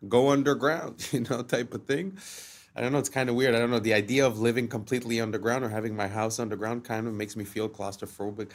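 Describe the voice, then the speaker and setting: A man hosts a casual reaction video in a low voice. He muses hesitantly, restarts his sentences and asks his viewers questions as he thinks aloud. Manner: musing, hesitant, full of restarts and asides to viewers.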